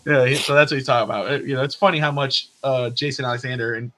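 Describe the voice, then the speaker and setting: Bright-voiced rambling podcast host. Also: male voice, mid-range voice, fairly even intonation, fast. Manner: rambling storyteller, lots of fillers and laughs. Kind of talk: casual sports chat. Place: lives in Tennessee.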